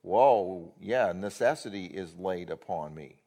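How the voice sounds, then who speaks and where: A man's voice: lowish voice, a little slow. A man teaching a Bible word-study class, explaining step by step and checking in with rhetorical questions.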